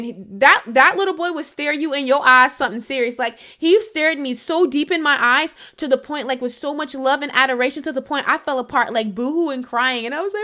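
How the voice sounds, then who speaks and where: High-voiced woman giving a chatty spiritual reading. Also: bright, forceful tone. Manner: chatty and emphatic, laughs often; encouraging, addresses the listener directly. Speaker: intuitive reader. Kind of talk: casual spiritual reading to camera.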